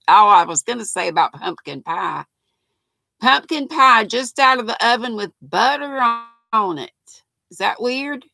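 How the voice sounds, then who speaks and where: Older woman, very gravelly voice, bright tone, dry close sound, folksy livestream chat. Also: medium pitch, dry recording. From North Carolina, US. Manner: chatty, folksy, thinking aloud. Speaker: livestream host. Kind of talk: casual live chat reading viewer comments.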